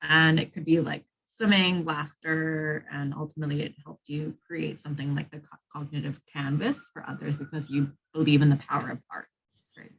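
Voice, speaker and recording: A woman's voice: low-pitched, flat delivery, moderate pace, creaky, slightly rough, rough recording. A woman coaching a student on an admissions essay over a video call, guiding her with a stream of checking questions.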